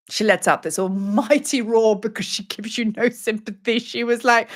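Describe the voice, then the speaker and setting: A woman teacher and priestess leading a guided meditation in a slow, dramatic storytelling manner. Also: a little high.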